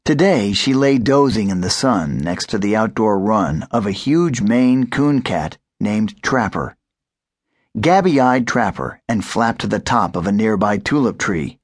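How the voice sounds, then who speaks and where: A man narrating a children's storybook aloud. His voice is husky and his pace slow and deliberate. His pitch rises and falls in an animated, expressive way. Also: dry recording, studio quality. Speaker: audiobook narrator.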